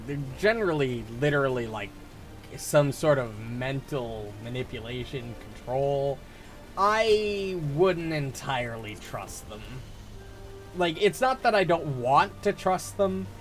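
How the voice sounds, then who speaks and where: A young man chatting casually while streaming a game, rambling and restarting his sentences. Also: on the high side. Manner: rambling, self-interrupting, laughs at the game. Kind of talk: casual live gameplay chat.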